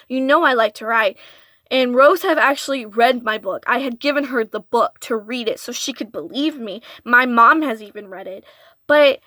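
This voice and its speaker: A young woman recounts a hard personal story in a storytime vlog, earnest and confessional. Her voice is bright and a little high, recorded close in a dead, dry space. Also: normal speed, dry recording. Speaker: vlogger.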